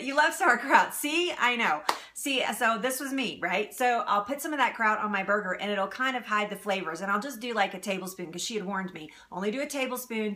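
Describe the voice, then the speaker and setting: Bright-voiced chatty woman streaming live. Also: mid-range voice. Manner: chatty, laughs often, reads out viewer comments. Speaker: live-stream cooking host. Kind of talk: casual live-stream chat. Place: home kitchen.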